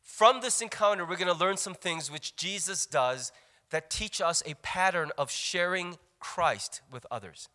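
A male preacher with a high, bright voice delivers a sermon. He is animated and breaks off for playful asides to the congregation. His tone has a forceful edge. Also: unhurried, long reverb tail.

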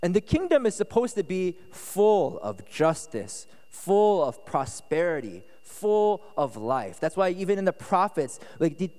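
A man preaching a casual, conversational sermon as pastor at a retreat, relaxed and chatty, often checking that listeners follow. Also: high-pitched, unhurried, few pauses. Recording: echoey hall reverb.

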